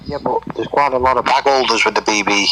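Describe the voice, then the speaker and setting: A man calling into a live online audio chat, talking quietly and hesitantly in a casual debate. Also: medium pitch, fast talker, a little hiss or hum, poor audio. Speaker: caller.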